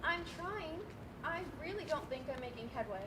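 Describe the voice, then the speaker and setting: Girl playing a stuffy bank lady, real high voice, getting fed up, noisy stage tape. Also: animated, normal speed. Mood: stiffly patient. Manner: stiff, formal, increasingly exasperated. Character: harried prim female bank manager. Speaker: stage actor. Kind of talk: live stage play. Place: school auditorium stage. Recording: noisy live stage recording.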